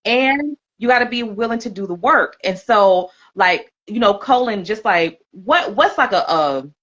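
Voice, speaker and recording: A woman's voice: mid-range voice, animated, unhurried, a bit bright. A woman hosting a podcast, asking questions in a loose, hesitant way. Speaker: podcast host. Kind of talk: casual interview chat. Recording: slightly dull lo-fi sound.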